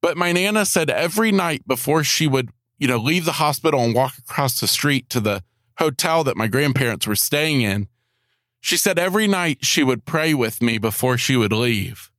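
A man hosting a podcast, telling a heartfelt personal faith testimony in a halting way, often repeating his words. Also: mid-range voice, animated, a bit bright, dry recording, clean studio sound. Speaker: podcast host.

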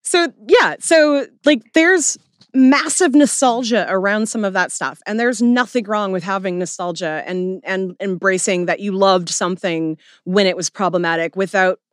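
A woman's voice: mid-range voice, normal speed, no room sound, clean studio sound. A woman podcast host in casual chat, talking bluntly and swearing freely.

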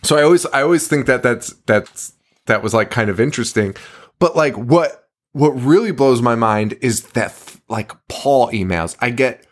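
A man's voice: medium pitch, animated, normal speed. A man co-hosting a horror podcast in casual chat, rambling, with many fillers and casual swearing. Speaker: podcast co-host.

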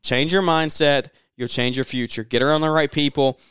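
A man's voice: a little high, fairly even intonation, moderate pace, fairly bright tone, no echo, studio quality. A man hosting a motivational podcast, urging listeners on with passion and lots of repetition. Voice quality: raspy. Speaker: podcast host.

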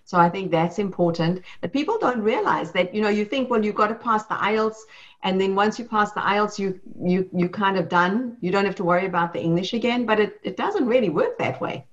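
A woman hosts an interview and poses questions in a reflective, encouraging tone. Her voice sits at a middling pitch, and the recording sounds somewhat dull and muffled. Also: brisk. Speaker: host. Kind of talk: hosting an interview.

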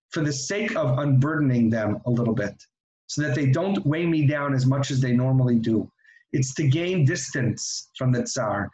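A man giving an earnest, reflective religious talk that moves into storytelling, often restarting his sentences. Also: fairly high pitch. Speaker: religious teacher. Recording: echoey room.

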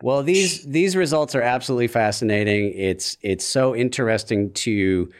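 A man co-hosting a podcast, chatting with some "uh" fillers and reading the closing credits. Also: mid-range voice. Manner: hesitant in chat with "uh" fillers, brisk when reading credits. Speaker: podcast co-host. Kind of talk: casual chat and scripted show outro.

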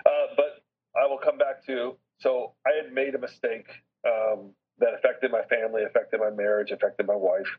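A middle-aged man, a business chairman appearing as a podcast guest, telling a personal story in an earnest, heartfelt way with reflective pauses. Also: medium pitch, steady tone, breathy edge. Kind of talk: candid personal storytelling in an interview. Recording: slightly dull lo-fi recording.

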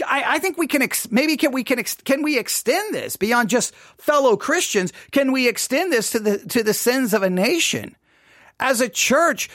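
A man teaching scripture in a loose, conversational way, his pitch rising and falling freely. He thinks aloud and turns questions back to his listeners. The sound is close and dry. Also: a bit bright, dry recording. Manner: thinks aloud, asks listeners questions, mimics in quick bursts. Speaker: pastor leading a Bible study.

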